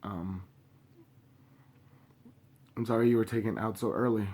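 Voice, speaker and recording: A young man speaking straight to camera in a personal video, grieving and angry, impassioned and halting with many pauses, swearing openly. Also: fairly low pitch, steady tone, darkish tone. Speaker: vlogger.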